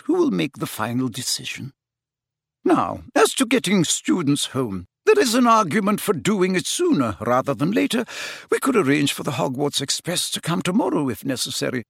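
A man voicing a stern, brisk elderly headmistress witch in an audiobook, crisp in manner. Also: low-pitched, huge pitch swings, no room sound, studio quality, pitched above the performer's own voice, heavily acted.

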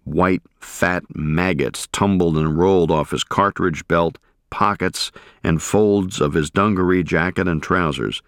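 A man with a very low voice reads a first-person war memoir, measured and grave. The recording is dry and close, with no room echo. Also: steady tone, clear, resonant tone. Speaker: audiobook narrator.

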